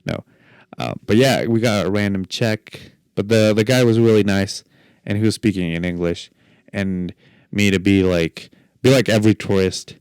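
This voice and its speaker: Young guy rambling through podcast stories, jokey, low-ish voice, dry close mic. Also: normal speed, a little mellow, smooth, dry recording. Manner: rambling, jokey, self-deprecating storytelling. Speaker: podcast host. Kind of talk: solo podcast chat.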